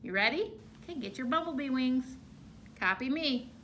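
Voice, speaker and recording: A woman teacher explaining shapes to young children, slow and exaggerated in her delivery. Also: high voice, lively intonation, a bit bright, a little hiss or hum. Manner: slow, drawn-out, exaggerated for small kids.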